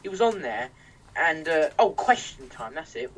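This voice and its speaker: A man's voice: fairly high pitch, big pitch swings, normal speed. A young man from England ranting on a podcast, heated and sweary, full of restarts. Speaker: podcast host. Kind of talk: casual podcast rant. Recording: distant mic with faint noise.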